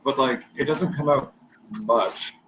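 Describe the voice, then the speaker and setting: A man from Nova Scotia chats in an animated way, with lots of fillers and frequent laughter. His voice sits at a middle pitch. Light background hiss runs under it. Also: slow, low-quality recording. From Nova Scotia, Canada. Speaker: livestream guest. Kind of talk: casual chat on a livestream.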